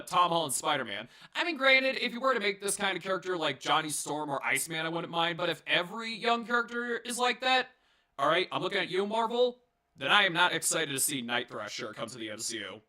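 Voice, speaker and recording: Young male reviewer, somewhat high, very bright tone; loose, profane, jokey delivery full of "uh"s. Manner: rambling, profane, jokey, many fillers and restarts. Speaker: movie reviewer. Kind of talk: casual solo review.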